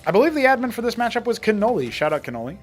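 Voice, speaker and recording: A man casting a live strategy-game tournament, chatty and prone to rambling asides, getting excitable in fights. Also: very high voice, very fast, soft background music. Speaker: esports caster. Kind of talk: live tournament play-by-play commentary.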